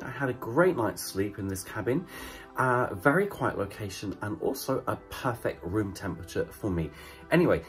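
A man hosting a casual travel vlog, chatty and enthusiastic, often dropping to a whisper. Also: lowish voice. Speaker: travel vlogger. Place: walking outdoors and aboard a moored ship.

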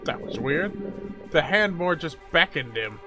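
A gamer with a slightly high voice speaks in an animated but unhurried way while giving let's play commentary on a horror shooter. He reacts with jumpy exclamations and laughter, with game music playing behind him.

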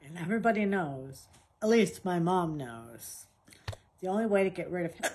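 A woman's voice: on the low side, lively intonation, normal speed, a little mellow. A woman acting as a patient in a silly home comedy skit, playful and a bit bossy.

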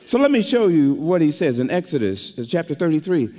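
A man's voice: fairly high pitch, very animated, a little fast, dark tone. A male pastor preaching a sermon with emphasis, often repeating words as he builds each point. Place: church sanctuary. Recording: long reverb of a church hall.

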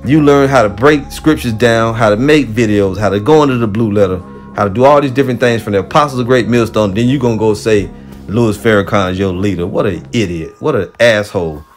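Angry male religious teacher, mid-pitched, rebuking with constant swearing, soft music under him. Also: fairly quick. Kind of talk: heated profane sermon.

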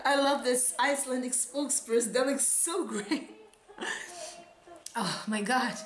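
A woman with German as her first language, reacting live and excitedly, often laughing and gushing. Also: on the high side, measured pace. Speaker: reaction vlogger. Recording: echoey room with broadcast crowd behind. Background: crowd from broadcast playing.

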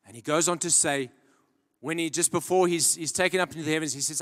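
A man preaching a sermon in earnest storytelling style, dropping to a hush and then rising to loud emphasis. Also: fairly high pitch, quick pace. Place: large church hall. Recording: long church-hall reverb.

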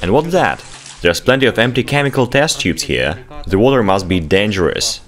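A man hosting a vlog, giving excited running commentary as he explores an abandoned underground laboratory, exclaiming and urging others along. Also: fairly low pitch, moderate pace. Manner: exclamatory, urgent, bossy when hurrying others.

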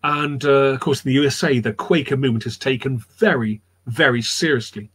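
Man, husky voice, rambling anecdotal storyteller, repeats words, chatty. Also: mid-range voice, a little fast, a bit bright. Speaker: storyteller guest. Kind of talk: casual storytelling on a live chat show.

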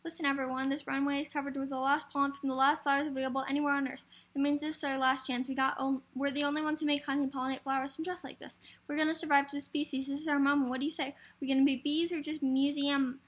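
A woman's voice: sits high, level tone, fast, a bit bright. Woman doing Barry Benson, a rallying bee. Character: eager young male bee hero.

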